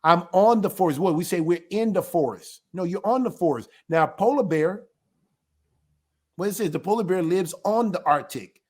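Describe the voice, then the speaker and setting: Man, high voice, livestream talk, emphatic, rhetorical questions, restarts a lot. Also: lively intonation, moderate pace, breathy edge. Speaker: ministry elder.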